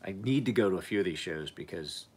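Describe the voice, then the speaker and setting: Man, lowish voice, casual live-stream host, rambling, laid-back, cusses, laughs easily. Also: expressive, quick pace, a little mellow, husky. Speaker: knife sharpener hosting a live stream.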